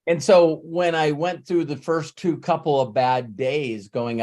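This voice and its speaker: A man's voice: on the high side, fairly even intonation, measured pace, a little mellow. A man hosting a live question session as a sales coach, telling a story in a casual, stammering, emotional way with some swearing.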